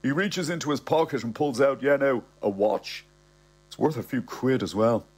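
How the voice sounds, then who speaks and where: Cocky middle-aged Dublin narrator, husky voice, mid-pitched. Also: male voice, normal speed. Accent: Dublin Irish. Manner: cocky, slangy storytelling. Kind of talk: comic audiobook narration.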